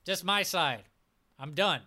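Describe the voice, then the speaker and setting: A man co-hosting a casual podcast and running a game, animated and prone to excited outbursts. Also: sits high, slow. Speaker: podcast co-host and game master.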